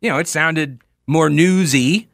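The voice sits on the high side, creaky and a bit bright, moving at a measured pace. He's a forties-aged radio host from Charlotte, North Carolina, rambling self-mockingly off on tangents during a casual monologue with readings. Studio-quality audio, no echo.

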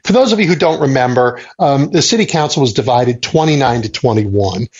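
A man's voice: mid-range voice, lively intonation, brisk, a little mellow, husky. A man hosting a radio talk show, questioning and pushing back on his guest. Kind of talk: radio interview conversation. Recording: dull lo-fi radio sound.

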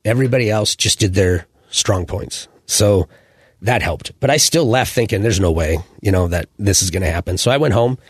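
Guest, 40s male, rambling animated storyteller, low husky voice, dry close sound. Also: moderate pace, no room sound. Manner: rambling, animated anecdotes with fillers and restarts. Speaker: guest, former sports mascot. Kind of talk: casual interview storytelling.

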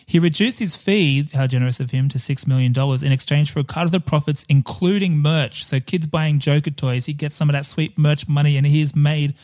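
A man's voice: a little high, steady tone, fairly quick, few pauses, a little mellow. A man co-hosting a casual movie podcast, chatting in a jokey way, swearing and wandering off on tangents. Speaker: podcast co-host. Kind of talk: casual film podcast chat.

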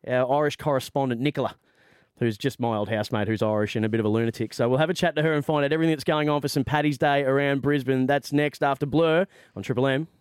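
A man's voice: mid-range voice, steady tone, smooth, dry recording, studio quality. A man hosting a radio show, bantering and joking with his co-hosts. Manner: jokey, brisk, laughs often. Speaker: radio host. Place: radio studio.

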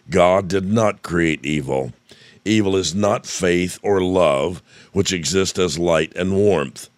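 An older man from Indiana delivers a folksy devotional talk in a very deep, low voice, his throat strained as though he is about to lose it. The sound is dry and close, with no room around it. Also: dry recording. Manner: folksy, storytelling. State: losing his voice. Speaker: radio preacher.

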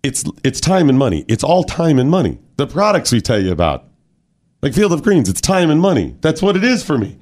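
Male radio host, casual chat, lively pitch, animated storytelling. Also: a little fast. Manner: animated storyteller, stretches words for effect.

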